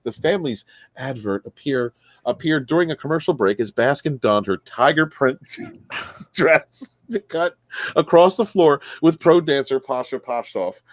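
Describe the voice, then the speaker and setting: A man's voice: medium pitch, animated, a little slow, no echo. A man hosts a chatty podcast, reading news stories aloud to his guests. His voice swings up and down with plenty of life. He trips over words and corrects himself, and the room is dry and close. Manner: reads stories aloud, stumbling and correcting himself, laughing often.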